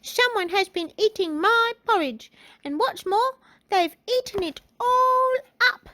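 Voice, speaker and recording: A woman voicing a tiny baby bear in a storybook reading, in a squeaky little baby voice. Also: expressive, unhurried, sharp tone, no room sound, full character voice. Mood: upset.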